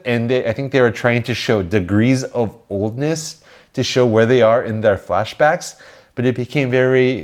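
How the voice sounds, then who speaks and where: A man's voice: medium pitch, darkish tone. A man co-hosting a podcast, giving opinionated, joking film reviews in casual chat. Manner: opinionated, joking, with some restarts. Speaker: podcast co-host.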